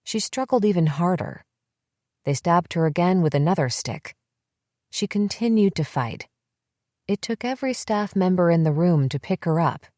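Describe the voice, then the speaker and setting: A woman reading a psychological thriller audiobook in steady, measured first-person narration. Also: low-pitched, no room sound, clean studio sound.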